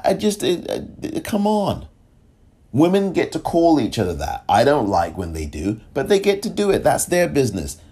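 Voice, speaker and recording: A man's voice: on the high side, a little mellow, breathy edge. A man hosting his own podcast, talking alone with emphatic rhetorical questions and now and then tripping over his words. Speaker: podcast host. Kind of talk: solo podcast commentary.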